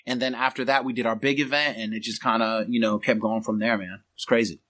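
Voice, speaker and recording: A middle-aged man from the Bay Area, a podcast guest telling stories in a casual, animated way, acting out quoted voices and laughing often. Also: medium pitch, fast. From San Francisco Bay Area. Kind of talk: casual storytelling.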